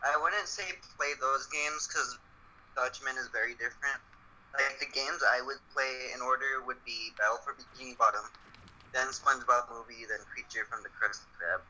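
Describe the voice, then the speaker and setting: A man's voice: medium pitch, fairly even intonation, moderate pace, sharp tone, poor audio. A man chatting casually about games with friends, rambling with many fillers, faint noise behind him. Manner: rambling, lots of "like". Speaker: friend on voice chat. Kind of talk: casual gaming chat.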